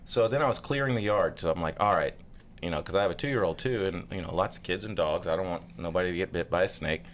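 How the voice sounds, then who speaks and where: A man's voice: fast, a little hiss or hum. A man in his thirties telling a story in casual podcast chat, acting out other voices along the way. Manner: animated storyteller, acts out voices with big pitch jumps. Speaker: podcast co-host.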